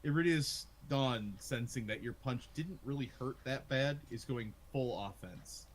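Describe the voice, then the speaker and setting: A man running a tabletop game as game master, narrating the action in a lively storytelling manner and laughing easily. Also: mid-range voice, unhurried, noisy background.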